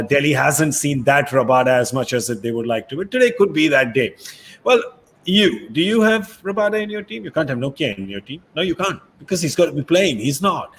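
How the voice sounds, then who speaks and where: A man hosting a cricket talk show in a lively, joking way. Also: medium pitch. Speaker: host.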